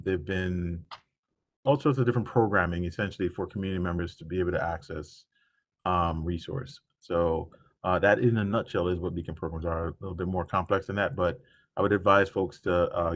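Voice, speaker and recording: A man's voice: deep voice, vocal fry, slight background noise. A man explaining community programs in an online meeting, hesitant with many fillers. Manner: hesitant, many ums and uhs. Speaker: community board member. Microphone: video call.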